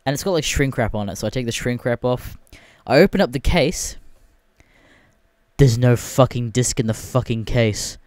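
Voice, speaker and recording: Solo podcast host, man, swearing rant, pitch leaping all over, dry close sound. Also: lively intonation, moderate pace, a little mellow, dry recording. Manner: profane, exasperated ranting.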